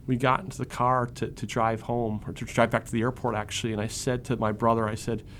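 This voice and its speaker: A man's voice: medium pitch, level tone, fast, fairly bright tone, a little hiss or hum. A middle-aged man who directs a ministry organization, giving an earnest, emphatic interview answer full of restarts. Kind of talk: interview answer, personal testimony.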